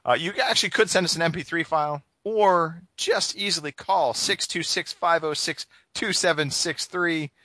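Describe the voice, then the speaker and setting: A man's voice: a little high, normal speed, few pauses, pushed and bright, no room sound. A man hosting a gaming podcast, chatting casually and joking, with plenty of fillers. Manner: joking, rambling with many fillers. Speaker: podcast host.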